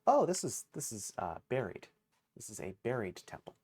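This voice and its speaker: Man, game streamer, casual live chatter, self-deprecating, swears a lot, mid-pitched voice. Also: big pitch swings, moderate pace, a little mellow, breathy edge. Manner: rambling, self-mocking, swears freely. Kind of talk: casual gaming livestream chatter.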